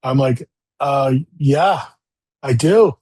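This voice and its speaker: A man in an interview telling animated stories about his golf career, with lots of fillers. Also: medium pitch, slow pace, slightly rough. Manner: animated storytelling with many fillers. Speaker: golfer guest. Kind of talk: storytelling interview talk.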